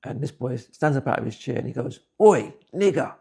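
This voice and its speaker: A man's voice: medium pitch, fairly even intonation, fast, gravelly, warm tone, breathy edge. A man, giving blunt, plain-spoken personal testimony. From England. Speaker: interviewee.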